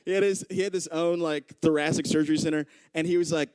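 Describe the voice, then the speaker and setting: A man's voice: on the high side, fast talker, few pauses, smooth, dry recording. A young adult man doing stand-up, telling a story and acting out the people in it. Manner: animated, acts out voices of people in his story. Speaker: stand-up comedian. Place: comedy club stage.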